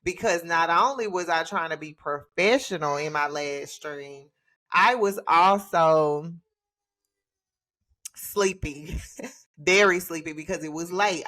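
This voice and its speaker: A woman hosting her own livestream from home, talking in a relaxed, chatty way and laughing often. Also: deep voice. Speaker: livestream host. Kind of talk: casual livestream chat. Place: home with children.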